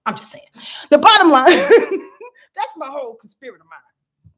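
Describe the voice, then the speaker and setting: A woman doing a casual livestream from home, giving quick astrology readings in an animated, slangy way and talking straight to her viewers. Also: sits high.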